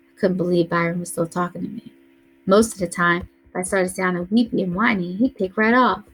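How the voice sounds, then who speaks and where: Quiet, earnest woman narrating a story. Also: on the low side, steady tone, fairly quick, husky. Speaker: audiobook reader. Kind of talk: first-person story narration.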